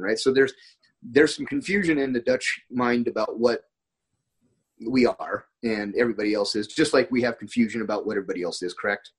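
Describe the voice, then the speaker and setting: Husky American man telling stories. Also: mid-range voice, fairly quick, rough recording. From United States. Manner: rambling, with frequent restarts and quoted dialogue. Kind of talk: casual conversational storytelling.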